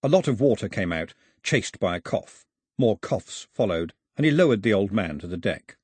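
A man narrates an audiobook in a husky, expressive voice. His pitch rises and falls with the action, and the recording is close and dry. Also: moderate pace, no room sound. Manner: expressive storytelling.

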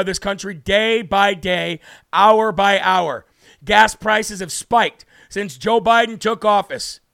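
A man with a high, bright voice and a gravelly edge tears through a political commentary as host, mocking and indignant. His sound is close and dry, with no room around it. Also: no room sound. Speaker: political talk show host. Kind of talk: heated political commentary monologue.

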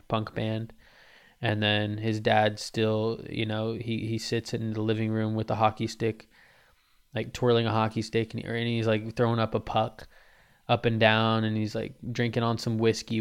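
A man's voice: on the low side, gravelly, smooth. A man hosting a comedy podcast, telling a rambling, profane story full of restarts. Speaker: podcast host.

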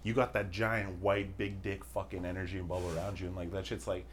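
A young man with a very low, deep voice talks loosely and profanely as a podcast host, drifting through long anecdotes. A faint hiss of noise sits under the recording. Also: little pitch movement, a little fast. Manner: profane, rambling storyteller. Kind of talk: casual chat.

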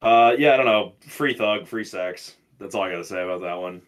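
A man's voice: fairly low pitch, brisk. A young man co-hosting a podcast, chatting casually and telling profane, ranting stories. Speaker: podcast co-host. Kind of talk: casual chat.

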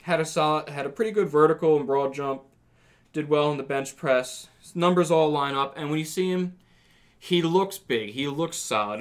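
A man hosting a casual sports podcast, talking things through in long, rambling runs with restarts. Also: medium pitch. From not from the South. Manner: rambling, thinks aloud with restarts. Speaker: podcast host.

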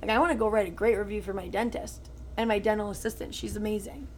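A woman's voice: mid-range voice, fast talker, darkish tone. Woman, 20s, podcast co-host; easygoing storyteller, filler-heavy, faint room hum behind. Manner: chatty storytelling, full of "like" fillers. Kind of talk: casual chat.

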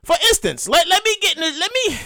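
Excitable high-voiced man ranting. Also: fast, dry recording. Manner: rambling, repetitive, profane, excitable. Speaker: podcast host. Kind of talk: comedic rant monologue.

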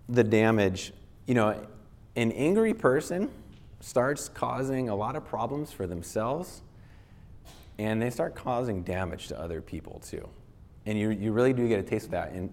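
A man with a lowish, slightly mellow voice teaches about anger in a relaxed, conversational lecture before a live audience. He often restarts his sentences and playfully acts out angry voices.

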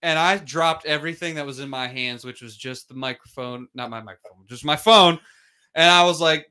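A man hosting a casual sports podcast, telling stories in an animated way and swearing freely. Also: a little high, brisk, smooth. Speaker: podcast host.

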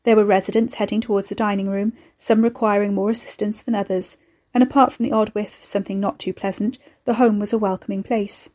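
A woman reading a novel aloud as narrator, in measured storytelling narration. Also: medium pitch, steady tone, a little mellow. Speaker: audiobook narrator. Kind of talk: scripted narration.

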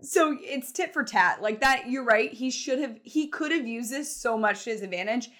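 A woman co-hosting a sports podcast, giving quick, chatty takes on college football. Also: on the high side, a bit bright. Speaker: podcast co-host. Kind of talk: casual sports talk.

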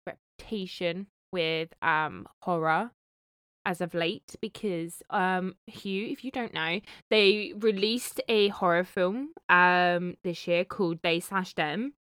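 A woman's voice: lowish voice, takes it slowly, clean tone, no echo, clean studio sound. A woman co-hosting a podcast, explaining things casually with frequent "um"s. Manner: relaxed, explains, many "um"s. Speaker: podcast co-host. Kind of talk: casual chat.

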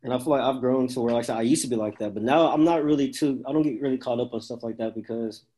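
A man's voice: medium pitch, racing, mellow. A man talking casually in a group discussion, rambling with restarts and slang.

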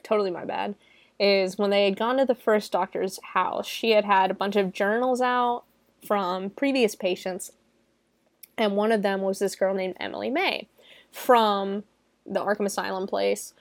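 A young woman recaps a movie in a loose, chatty way, laughing between thoughts and leaning on "like". Her voice sits in an ordinary middle pitch. The sound is close and dry, with no room around it. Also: fairly even intonation, normal speed, no echo. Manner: chatty and giggly, heavy use of "like". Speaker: movie reviewer.

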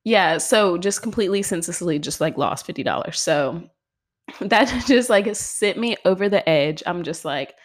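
A woman's voice: lowish voice, expressive, normal speed. A young woman hosting a podcast, talking casually in a chatty, exasperated way with lots of filler words. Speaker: podcast host. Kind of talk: casual solo podcast monologue.

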